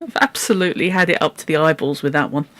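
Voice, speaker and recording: Book club host, chatty and exasperated, mid pitch, dry close sound. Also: lively intonation, fast talker, a bit bright, no room sound. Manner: exasperated, chatty, swears in asides. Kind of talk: casual chat and reading aloud.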